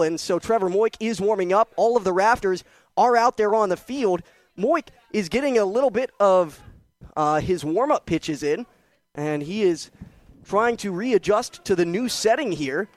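A young man calling a baseball game on the radio, upbeat and chatty, a little out of breath. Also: high voice. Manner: upbeat, chatty, apologizes for slips. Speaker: baseball play-by-play announcer. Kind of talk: live radio play-by-play commentary. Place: ballpark press box in rain.

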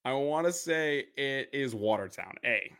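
A relaxed man from Wisconsin is a guest on a casual radio quiz. He answers in a measured, easygoing way and sometimes trips over his first words. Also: medium pitch, creaky, heavy background noise. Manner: relaxed, measured, stumbling restarts.

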